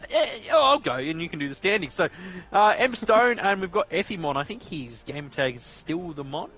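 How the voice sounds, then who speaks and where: A man's voice: high voice, expressive, fairly quick, pushed and bright, lo-fi sound, soft background music. A man with an Australian accent doing casual live commentary on a sim racing league, laughing and bantering as he runs through the grid.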